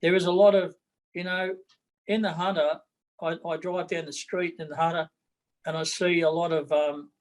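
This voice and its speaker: A man's voice: fairly high pitch, level tone, normal speed, rough recording. A middle-aged man with an Australian accent, a political candidate talking bluntly in an interview, repeating his words as he goes.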